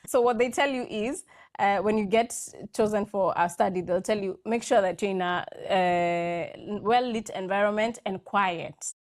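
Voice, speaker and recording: A woman's voice: medium pitch, measured pace. Chatty woman telling stories. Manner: chatty anecdotal storytelling, acting out quoted lines. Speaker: guest. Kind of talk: casual chat.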